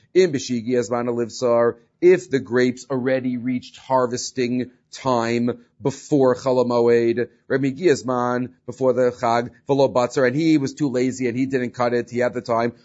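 This man, whose voice is medium-pitched and darkish, leads a Talmud class with step-by-step explanations. He sprinkles in Hebrew and Aramaic terms and keeps asking "right?", captured on a slightly dull lo-fi recording.

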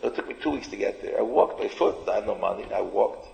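A man playing a simple-minded young village man who talks in a plain, halting, matter-of-fact way, as part of a sermon story. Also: on the low side, animated, gravelly, dark tone, voice pushed down. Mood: earnest, simple. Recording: echoey hall, dull lo-fi sound.

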